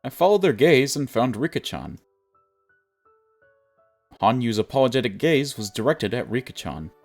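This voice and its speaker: A man's voice: medium pitch, very animated, normal speed, darkish tone, soft background music. A man streaming a visual novel, reading the story aloud and chatting casually with viewers, laughing often.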